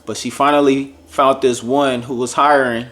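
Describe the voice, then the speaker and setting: A man vlogging a personal testimony, telling a lively, jokey story straight to his viewers and acting out other people's lines. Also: mid-range voice, normal speed. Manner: addresses viewers directly and casually. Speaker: vlogger sharing a faith testimony.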